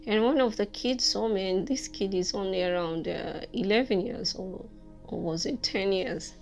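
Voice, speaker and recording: A woman and former teacher telling a personal story in a casual, halting way, with many fillers and frequent laughs. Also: mid-range voice, creaky, soft background music.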